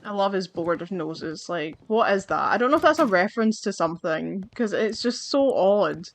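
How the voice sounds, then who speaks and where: A woman's voice: medium pitch, expressive, moderate pace, a little hiss or hum. Woman, let's-play commentary, chatty, wry, thinking aloud, casual. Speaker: gamer playing through a game.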